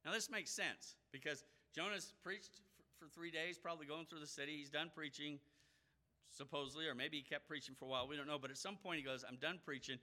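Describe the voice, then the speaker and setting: A man preaching a sermon in an animated way, acting out the voices he quotes. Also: a little high, fairly quick.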